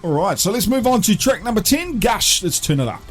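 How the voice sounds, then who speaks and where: A man's voice: high-pitched, very animated, a little fast, music in the background. A man with a New Zealand accent, co-hosting a casual album-review podcast in a laid-back way, often laughing and reading from his notes. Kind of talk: casual chat.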